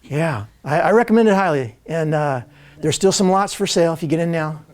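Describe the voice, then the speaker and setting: A man telling a personal story to a live audience, animated and laughing, acting out other people's lines as he goes. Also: on the high side, fairly quick. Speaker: spiritual speaker.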